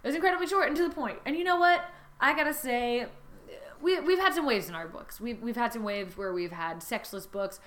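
Animated, jokey woman podcast host. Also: a little high, a little fast. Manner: animated, jokey, swears freely. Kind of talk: comedic reading and banter.

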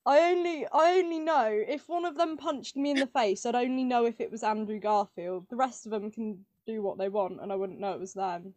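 Giggly, high-voiced woman reading quiz questions. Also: steady tone, brisk, hardly any pauses, darkish tone, dry recording. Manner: bubbly, giggly, chatty. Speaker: co-host. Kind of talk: casual podcast chat, reading quiz questions.

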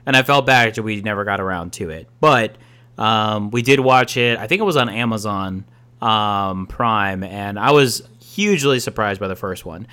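A young man with a bright, forward voice and a smooth, clear tone co-hosts a podcast. He sounds enthusiastic, but he often stops and restarts with ums. He talks in a relaxed, chatty way. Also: fairly low pitch, normal speed. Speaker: podcast co-host. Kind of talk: casual chat.

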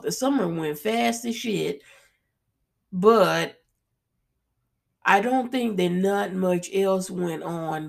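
A woman's voice: fairly low pitch, gravelly. A young adult woman hosting a podcast, telling a personal story in a casual, slangy and profane way, with lots of "like" fillers. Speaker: podcast host.

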